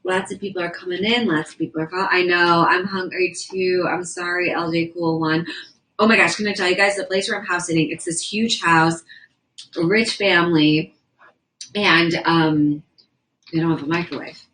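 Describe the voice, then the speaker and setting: Chatty young woman with a low voice. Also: fairly even intonation, moderate pace, a bit bright, slight background noise, low-quality recording. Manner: rambling, chatty, reads viewer comments aloud. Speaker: livestreamer. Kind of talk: casual livestream chat. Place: indoors at a house.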